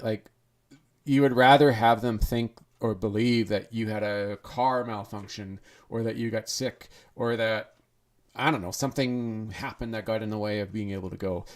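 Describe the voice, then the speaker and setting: A man hosting a podcast, talking in an earnest, rambling monologue full of restarts. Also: fairly low pitch. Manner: earnest, rambling, with restarts and acted inner thoughts. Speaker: podcast host. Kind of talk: casual monologue.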